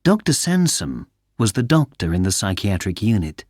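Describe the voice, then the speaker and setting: A man narrating a simple story for English learners in a clear, careful reading. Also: fairly low pitch, very animated, moderate pace, a little mellow, dry recording, studio quality. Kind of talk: slow scripted storytelling.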